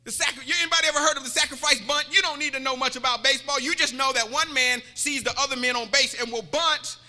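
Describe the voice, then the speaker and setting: A man's voice: very high-pitched, fast, sharp tone. A man preaching a sermon, joking and repeating himself, calling out to the congregation. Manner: joking, repetitive, calls out to the congregation. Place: church. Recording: reverberant church hall.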